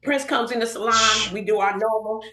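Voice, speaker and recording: Woman, forties, Southern California accent, guest telling animated stories with acted-out quotes; fairly high voice, roomy echo. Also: fairly quick, a little hiss or hum. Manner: animated, acts out quoted voices, laughs often. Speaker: guest, hairstylist. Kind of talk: storytelling in casual interview. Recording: echoey room.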